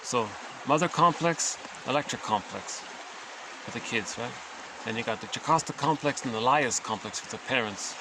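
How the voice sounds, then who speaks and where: A teacher with a medium-pitched voice casually explains psychoanalytic ideas at a moderate pace against a noisy background. He's conversational, corrects himself, and often checks in with listeners by asking "right?"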